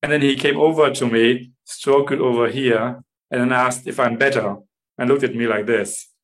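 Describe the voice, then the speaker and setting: A man's voice: medium pitch, fairly even intonation, moderate pace, low-quality recording. A man, a father, casually telling a proud story with some hesitation. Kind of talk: personal storytelling.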